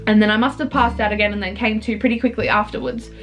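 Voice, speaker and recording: A young woman, telling a personal story in an earnest, halting way, with restarts. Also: on the high side, steady tone, faint music behind.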